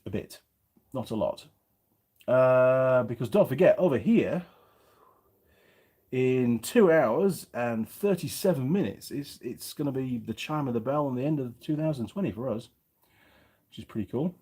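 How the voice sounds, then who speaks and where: A middle-aged man from England who hosts a YouTube mechanic channel reads viewer comments aloud while chatting on a casual livestream, his Yorkshire accent slightly faded. His medium-pitched voice is mellow with a breathy edge, lively in intonation, measured in pace, and often broken by pauses.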